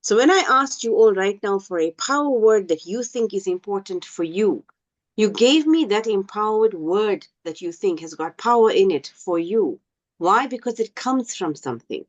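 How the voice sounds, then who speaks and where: A woman teaching an online class, speaking slowly and deliberately and often checking whether her students understand. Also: medium pitch, expressive. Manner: slow, deliberate, asks the class questions. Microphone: video call. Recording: dull lo-fi video call audio.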